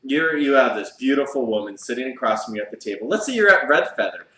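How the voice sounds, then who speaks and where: A man's voice: medium pitch, expressive, fast, bright, forceful tone. A man co-hosting a casual live chat show, spinning crude, rambling what-if stories and laughing along. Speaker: co-host. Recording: echoey room.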